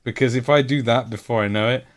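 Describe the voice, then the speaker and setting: A man's voice: mid-range voice, fast. A man in his late thirties chatting casually on a live stream while painting miniatures, rambling and joking and laughing at himself. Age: 30s.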